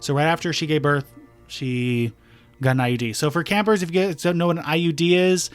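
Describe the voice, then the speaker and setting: A man's voice: fairly high pitch, fairly even intonation, brisk, clear, resonant tone, soft background music. A man co-hosting a podcast, casually retelling a true-crime case with fillers and restarts. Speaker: podcast co-host.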